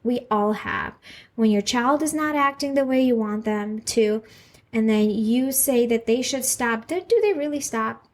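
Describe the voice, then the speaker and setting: A woman in her thirties talks through a solo parenting podcast in a slightly high voice. She speaks earnestly and reassuringly, often turning to the listener with questions. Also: steady tone, measured pace. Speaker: podcast host, mother.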